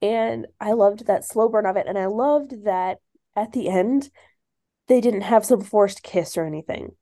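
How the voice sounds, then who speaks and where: A woman's voice: mid-range voice, measured pace, warm tone. A woman co-hosting a book review chat, talking enthusiastically and laughing between her remarks. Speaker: book podcast co-host. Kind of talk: casual chat.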